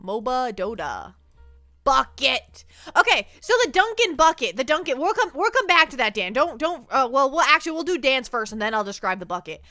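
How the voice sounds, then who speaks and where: A woman's voice: sits high, very animated, moderate pace, pushed and bright, no echo, soft background music. A woman livestreamer chatting casually with her viewers, playful and mock-hurt, often repeating words as she thinks aloud. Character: speaks as a sensitive penguin streamer persona.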